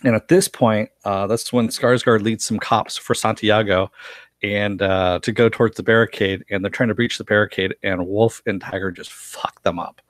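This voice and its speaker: Low-voiced man recapping a show live. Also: fairly even intonation, moderate pace, dry recording. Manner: chatty, laughs often while retelling scenes. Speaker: show reviewer.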